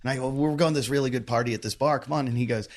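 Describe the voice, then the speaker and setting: A man hosting a podcast in casual chat, telling stories and acting out the quotes loudly. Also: medium pitch, rapid-fire. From from the American West. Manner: animated storyteller, acts out quotes loudly. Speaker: podcast host.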